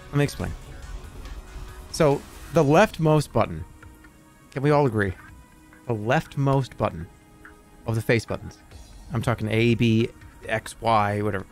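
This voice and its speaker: A man streaming a video game, chatting casually with viewers in a jokey, exaggerated way. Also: mid-range voice. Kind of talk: casual livestream chat while gaming. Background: game music.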